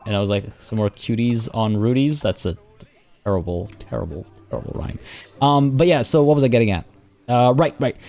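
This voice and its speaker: Man, let's play host, casual gameplay commentary, rambling and chatty, lots of fillers, low-pitched, dark warm voice.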